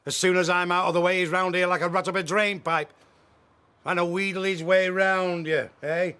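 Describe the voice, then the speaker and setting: An actor playing a jealous pub landlord, suspicious and accusing, in a television soap drama. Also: male voice, high voice, little pitch movement, normal speed, pushed and bright, clear, resonant tone. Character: jealous, grumbling older male pub landlord.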